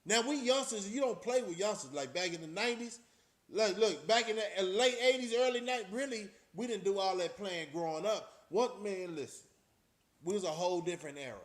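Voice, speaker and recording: A middle-aged man with a notably high speaking voice, recounting his past in a loose, streetwise way. He swears freely and keeps turning to his viewers. His talk is casual and unscripted. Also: moderate pace. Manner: streetwise, profane, talks straight to the audience. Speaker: channel host.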